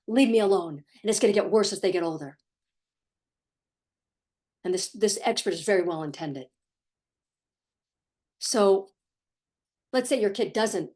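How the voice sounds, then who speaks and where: A middle-aged woman who works as a parenting coach, giving firm, emphatic advice straight to the camera and often repeating herself. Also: medium pitch. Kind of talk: direct-to-camera advice talk.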